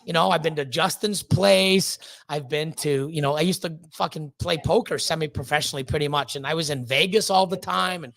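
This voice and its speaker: A man in his fifties, a guest on a live stream, casually telling a long story, profane and rambling, getting animated when he quotes people. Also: on the high side, brisk, creaky, few pauses, dry recording. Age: 50s.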